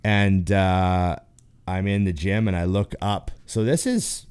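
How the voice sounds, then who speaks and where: A man from Canada tells stories in a relaxed, chatty way and slips into the voices of the people in them. His voice sits a bit low for a man. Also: slow pace, smooth. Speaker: guest, pro bodybuilder. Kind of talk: casual storytelling.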